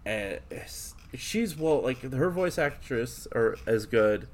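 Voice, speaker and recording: A man talking casually at a middle pitch. He rambles, restarts his sentences and swears freely. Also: lively intonation, takes it slowly. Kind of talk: casual chat about a video game.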